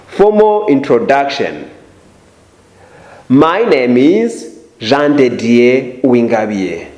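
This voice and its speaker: Slow, singsong teacher with a lively voice. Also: male voice, fairly high pitch. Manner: exaggerated rising intonation on example phrases. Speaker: English teacher. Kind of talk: slow, deliberate language lesson. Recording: roomy echo.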